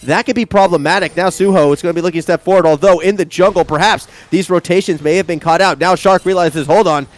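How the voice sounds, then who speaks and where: A man with an Australian accent doing lively play-by-play commentary on an esports match, chatty and joking. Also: high voice, fast, few pauses. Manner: animated, chatty, jokey asides. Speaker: esports caster.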